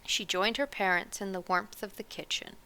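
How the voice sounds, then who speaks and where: Woman reading a storybook aloud, bright. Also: medium pitch, fairly even intonation, normal speed, poor audio. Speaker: narrator reading a children's book.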